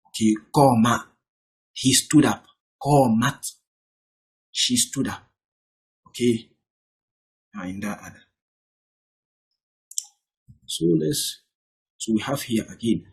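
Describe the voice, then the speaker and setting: Husky, low-voiced male Arabic teacher. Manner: reads example sentences, then translates and explains them. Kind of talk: explaining a textbook lesson.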